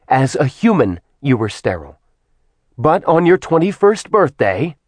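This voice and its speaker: A man's voice: fairly high pitch, big pitch swings, measured pace, dry recording, pitched above the performer's own voice. A man voicing a bitter, cold immortal goddess in an audiobook, speaking in a hard, accusing tone.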